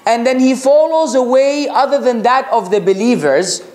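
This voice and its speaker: A man preaching a religious lecture, reciting Arabic scripture rapidly and asking rhetorical questions. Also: very high-pitched, darkish tone, roomy sound. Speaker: Islamic preacher.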